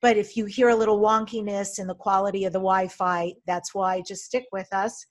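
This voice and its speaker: A woman's voice: medium pitch, level tone, fairly quick. A woman hosting a podcast interview in a chatty way, laughing easily as she introduces topics and asks questions. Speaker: podcast host.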